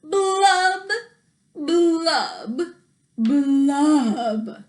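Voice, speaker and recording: A woman's voice: high-pitched, animated, very slow, heavily acted. A woman voicing a glum, gloomy male fish in a storybook read-aloud, with a mopey sing-song refrain.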